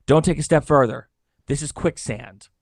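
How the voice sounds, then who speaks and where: A man voicing a middle-aged male explorer who is a steady, caring father and gives calm warnings. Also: a little high, moderate pace, no echo, studio quality.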